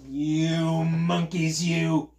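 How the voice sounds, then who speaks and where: A man's voice: on the high side, flat delivery, creaky, voice pushed up, heavily acted. A man doing a furious, scolding cap peddler. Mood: angry. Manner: scolding, shouting, slow and emphatic. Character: angry grown man selling caps.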